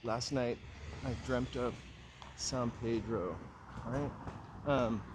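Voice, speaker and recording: A man's voice: medium pitch, slow, background noise. Chatty man on a street walk. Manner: rambling, chatty and joking. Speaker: walking livestream host. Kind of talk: casual chat while walking. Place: outdoors on a city street. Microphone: small mic clipped to hat brim.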